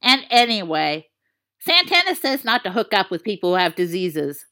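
A woman's voice: medium pitch, very animated, moderate pace, sharp tone. A woman voicing a bubbly, airheaded teenage cheerleader girl who chirps her words. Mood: chirpy, sweet.

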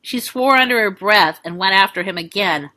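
A woman reading an audiobook thriller in steady, measured scripted narration. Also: medium pitch.

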